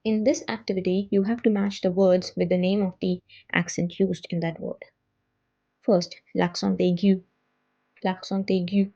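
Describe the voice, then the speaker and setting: A woman teaching a French language lesson, patiently repeating each example word slowly. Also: mid-range voice, level tone, gravelly, mellow, no echo, highs cut off.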